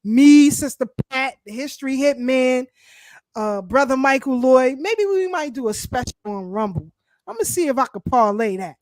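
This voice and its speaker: A woman co-hosting a casual political talk show, speaking in an animated, emphatic way. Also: high-pitched, normal speed, no echo. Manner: animated, emphatic, speaks of herself as party founder. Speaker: show co-host.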